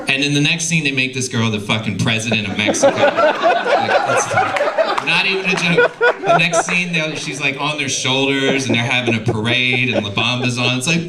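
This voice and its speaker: A young man doing stand-up, swearing freely, with his pitch jumping all over the place. The club recording is soaked in loud, constant background noise. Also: a little fast. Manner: profane, animated storytelling. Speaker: stand-up comedian. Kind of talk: stand-up comedy set. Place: comedy club stage.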